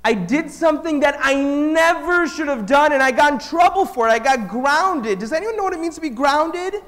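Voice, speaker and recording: A man telling a story to children and asking them questions, swinging between loud and hushed. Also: very high voice, lively intonation, moderate pace. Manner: engages the audience with questions. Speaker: speaker at a children's event.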